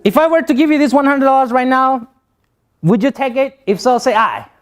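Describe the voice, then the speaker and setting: A man's voice: very high-pitched, fairly quick. A young man giving a motivational talk to youth. He speaks with a non-native accent, repeats phrases for emphasis and jokes with the audience.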